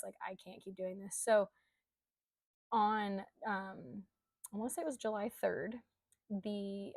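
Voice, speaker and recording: A woman's voice: medium pitch, no room sound. A young adult woman telling a personal story in a candid, conversational way, with frequent ums and likes. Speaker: coach.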